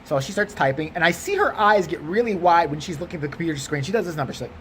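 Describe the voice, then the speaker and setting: Fast and sing-song, this worn-out Chicago-accented vlogger tells a funny, foul-mouthed tale of a mix-up at the bank. His tone is fairly bright and on the high side, and a little hiss or hum can be heard.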